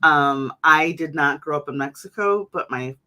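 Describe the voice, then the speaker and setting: A woman's voice: deep voice, normal speed, sharp tone. A woman hosting a casual conversation, chatty, with many fillers and restarts. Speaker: host.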